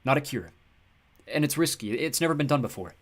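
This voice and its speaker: A man's voice: medium pitch, animated, a little fast, voice pushed up, natural voice. A man voicing an earnest, hesitant teenage boy in an audiobook.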